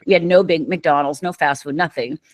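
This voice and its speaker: A middle-aged woman from Upper Michigan tells her story in a low-set, emphatic voice. She acts out the other people's lines as she goes. The recording is dry and close. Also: a little fast, no echo. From Upper Michigan, USA. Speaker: podcast guest. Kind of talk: storytelling in an interview.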